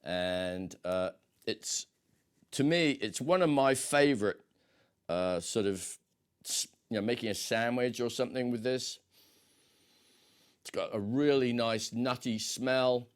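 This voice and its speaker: A man's voice: medium pitch, slow, pauses often, smooth. A man hosting a casual quiz, rambling along with many hesitations and fillers. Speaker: quiz host.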